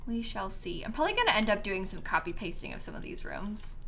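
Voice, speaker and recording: A woman's voice: medium pitch, very animated, quick pace, creaky, a bit bright, a little hiss or hum. A woman chatting casually on a live stream as she builds in a life-sim game, giggling often and answering her chat.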